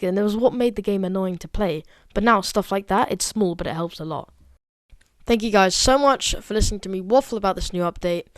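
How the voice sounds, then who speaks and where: A chatty, excitable woman walks through a game update in a casual review. She is a student and talks at a middling pitch, full of fillers as she reacts to each new feature. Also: no echo. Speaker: gaming video creator.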